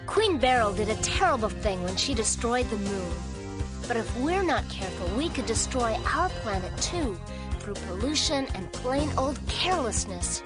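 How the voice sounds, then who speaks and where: A woman's voice: fairly high pitch, very animated, moderate pace. A woman voicing a cheerful cartoon girl heroine who gives kids an upbeat, preachy lesson in a clip from an old dubbed cartoon. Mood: earnest. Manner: upbeat, preachy, kid-friendly. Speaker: cartoon character in a closing segment. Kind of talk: cartoon dub voice acting. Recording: clip from a cartoon over music.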